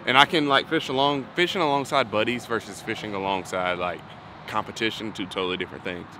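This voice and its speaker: Out on a lake, a young man vlogs about fishing, speaking fast in a fairly low voice as he rambles and thinks out loud, filler words everywhere. Passing vehicles make the outdoor recording noisy.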